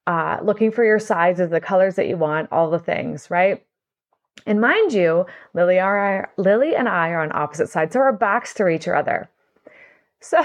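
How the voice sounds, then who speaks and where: A middle-aged woman hosting a casual talk show, telling stories in a chatty, rambling way and laughing often. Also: mid-range voice. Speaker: podcast host and salon owner. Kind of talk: casual storytelling monologue.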